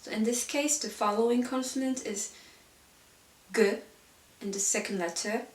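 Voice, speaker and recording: A woman's voice: on the high side, fairly even intonation, moderate pace, distant mic. A woman teacher giving an online pronunciation lesson, explaining patiently with frequent "so yeah" fillers. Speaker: language teacher. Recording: roomy echo, voice set back from the mic.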